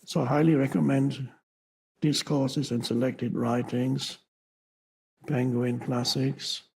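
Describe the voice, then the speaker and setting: Man, spiritual teacher, breathy raspy voice, unhurried, pausing, restarts mid-word. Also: medium pitch, flat delivery, a little mellow, rough recording. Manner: slow and halting, with pauses and restarts.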